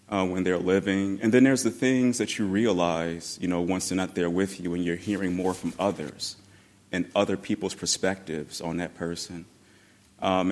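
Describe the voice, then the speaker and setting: A man telling a personal story about his grandmother in an animated way, laughing and acting out the voices he quotes. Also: fairly low pitch.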